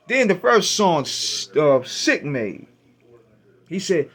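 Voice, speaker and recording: A man hosting a radio show, casually retelling his first listen to an album, with an animated, profane, laughing delivery. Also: fairly high pitch, measured pace, slightly rough. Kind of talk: casual storytelling album review.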